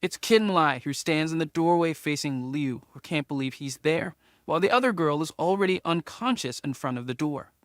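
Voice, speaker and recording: A man narrating a comic story recap in steady third-person scripted narration. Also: on the high side, normal speed, hardly any pauses, no room sound, clean studio sound.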